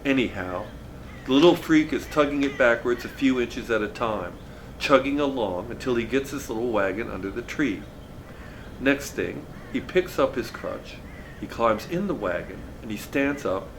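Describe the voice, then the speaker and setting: Man reading a novel aloud, relaxed conversational storytelling, medium pitch, faint background noise. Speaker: reader of a novel.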